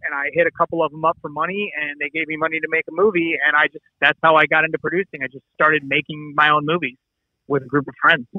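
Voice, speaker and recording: Fast-talking, high-voiced man on a call. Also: no echo. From Midwest US. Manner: animated, swearing, acts out dialogue. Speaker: actor and producer guest. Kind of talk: casual interview storytelling. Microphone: remote call. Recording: dull lo-fi call audio.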